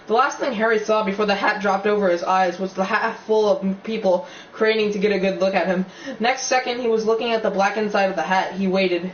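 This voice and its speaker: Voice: mid-range voice, steady tone, brisk. An amateur audiobook reader narrating a novel, stumbling and restarting now and then, with casual asides. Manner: reads with slips and restarts, chatty asides. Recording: dull, roomy, distant recording with faint hiss.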